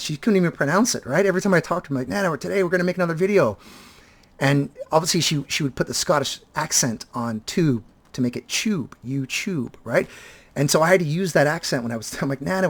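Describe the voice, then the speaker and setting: A man in his fifties talking casually and reflectively to his viewers, halting often and repeating words as he restarts his sentences. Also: a little high. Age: 50s. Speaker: vlogger and teacher.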